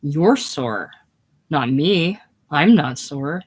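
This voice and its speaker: A reader voicing a boastful, defensive young male war buddy in a casual play reading, slow and blustery. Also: mid-range voice, animated, husky, full character voice. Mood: blustering.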